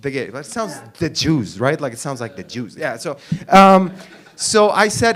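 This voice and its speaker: A brash Arab comedian works a club crowd with a handheld microphone, his set crude, rambling and full of energy. He speaks at normal speed in a voice that's a little high.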